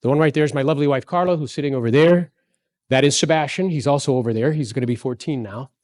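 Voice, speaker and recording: A man's voice: mid-range voice, quick pace, no room sound. Upbeat man in his forties, storytelling speaker who quizzes the crowd, dry close mic. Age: 40s. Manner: energetic, storytelling, asks the audience questions. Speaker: real estate speaker. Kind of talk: motivational talk to a live audience.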